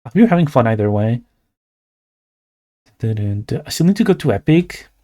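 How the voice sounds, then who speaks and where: A man's voice: medium pitch, sing-song, normal speed, warm tone. A young man from Latin America with a Latin American Spanish accent, chatting casually and playfully on a livestream while he draws, rambling with lots of "like". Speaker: streamer and artist.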